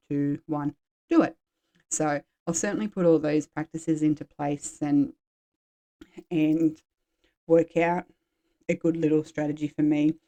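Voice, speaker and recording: Low, mellow-voiced woman in her forties. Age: 40s. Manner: frank, rambling, drops swear words. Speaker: podcast host. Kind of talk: candid personal chat.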